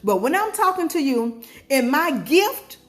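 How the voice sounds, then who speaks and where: A woman's voice: sits high, sing-song, unhurried, faint music behind. A woman from Georgia with a Southern accent, giving a motivational pep talk to viewers and asking them questions as she preaches. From Georgia, USA. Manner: preachy, call-and-response questions, sings snippets. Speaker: motivational vlogger.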